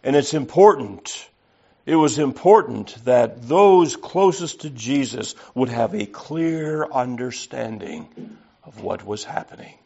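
A man's voice: mid-range voice, animated, slow pace, vocal fry, darkish tone, husky. A man preaching an earnest, emphatic sermon and reading scripture aloud. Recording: slightly dull lo-fi recording.

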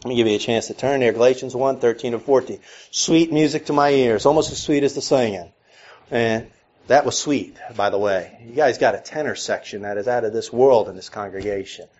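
A man's voice: medium pitch, fairly quick, darkish tone, lo-fi sound. A man preaching a sermon to a congregation, with a mix of Northern and Southern American accent. He asks earnest questions and builds to emphatic peaks. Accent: mixed Northern and Southern American. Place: church before a congregation.

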